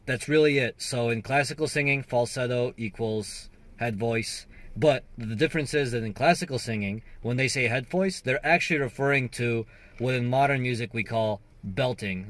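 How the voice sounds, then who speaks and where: In a dry recording, the host of a singing and guitar channel uses his mid-range, slightly bright voice to walk through vocal registers. It's a casual video lesson, with filler-laden conversational explaining broken up by brief sung demos.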